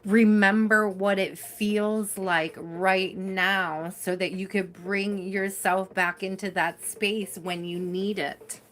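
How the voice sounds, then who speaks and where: A woman's voice: mid-range voice, steady tone, takes it slowly, hardly any pauses. A woman hosting a live tarot reading, giving a spiritual pep talk to her viewers in a tired, encouraging way. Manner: warm encouraging, spiritual pep talk, reads names from chat; tired, yawning. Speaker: tarot reader.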